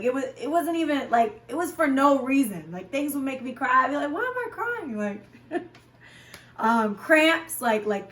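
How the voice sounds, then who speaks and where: In a laid-back vlog, a fitness instructor and vlogger talks candidly at an average pitch, leaning on lots of fillers like um and like. The mic sits some distance away, giving her voice an echoey, roomy quality.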